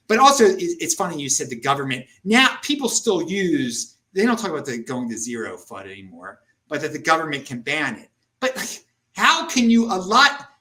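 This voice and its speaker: An animated man talking casually as a podcast host. His voice sits a little high and sounds bright and forceful. It jumps up and down a lot, and he trips over his words when he gets worked up. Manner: animated, excitable, many restarts and stammers. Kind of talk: casual chat. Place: Salt Lake City area, indoors.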